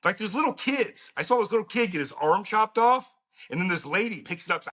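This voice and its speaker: A man's voice: sits high, lively intonation, fairly quick, a bit bright. A middle-aged man telling a story as a podcast guest, blunt and profane, laughing now and then. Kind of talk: casual storytelling.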